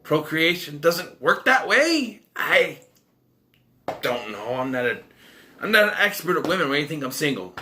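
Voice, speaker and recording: Man, film reviewer, rambling recap, self-corrections, wry asides, fairly high voice, very animated. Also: normal speed. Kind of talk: casual spoken movie review.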